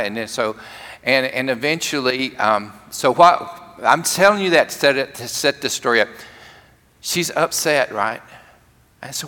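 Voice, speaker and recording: Speaking a little slowly, a male pastor with a medium-pitched, bright and forceful voice animatedly tells a story during a funny, conversational sermon, often starting his sentences again. The setting is a church sanctuary, heard with a large church's long reverb.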